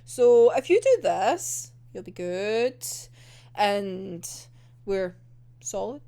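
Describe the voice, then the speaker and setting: A woman's voice: mid-range voice, sing-song, drawn-out words, gravelly, dark tone, voice pushed down, full character voice. A woman doing an offhand young detective. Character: offhand young male detective, casual and breezy.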